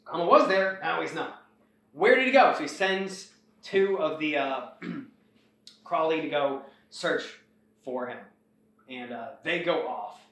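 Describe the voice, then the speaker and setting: A man's voice: fairly high pitch, slow. A man casually retelling a story, rambling along and acting out the characters' lines. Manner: rambling, animated retelling with acted-out quotes. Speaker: host. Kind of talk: casual plot recap. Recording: echoey room, far from the mic.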